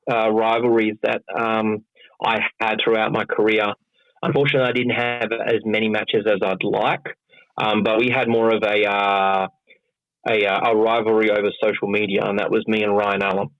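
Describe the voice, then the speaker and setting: A man with an Australian accent, a pro wrestler, telling stories in a loose, animated way and swearing freely. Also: fairly low pitch, normal speed, no room sound. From Western Australia. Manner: animated, acts out quoted voices, swears freely. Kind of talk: casual storytelling. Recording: dull lo-fi sound.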